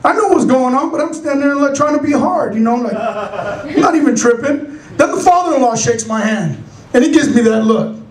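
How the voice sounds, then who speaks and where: A man's voice: extremely high pitch, lively intonation, fairly quick, crowd noise. A middle-aged man from San Francisco performing a stand-up comedy set, telling stories animatedly and acting out characters in raised voices. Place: comedy club stage. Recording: echoey club from a distance.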